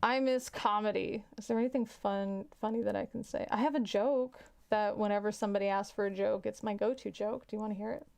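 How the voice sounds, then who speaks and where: A woman's voice: medium pitch, fairly even intonation, fairly quick, creaky, hardly any pauses, darkish tone. A woman hosting a casual livestream, chatting frankly with viewers and often restarting her sentences. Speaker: livestream host.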